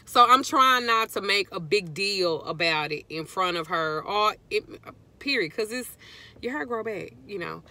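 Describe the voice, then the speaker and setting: A woman's voice: medium pitch, lively intonation, unhurried, sharp tone. A middle-aged woman, telling a rambling story to her viewers and greeting them between sentences. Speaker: vlogger.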